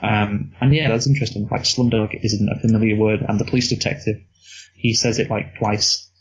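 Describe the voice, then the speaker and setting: A man co-hosting a movie review podcast in casual chat, relaxed and rambling. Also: lowish voice, brisk, breathy edge. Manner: relaxed, rambling, laughs at own slips. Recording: dull lo-fi recording.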